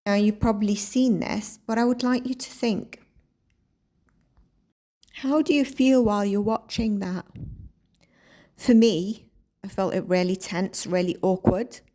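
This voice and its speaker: A woman's voice: medium pitch, fairly even intonation, a little slow, long pauses, warm tone. A woman hosting her own channel, giving reflective commentary on a video and asking viewers to consider how it made them feel. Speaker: psychic channel host.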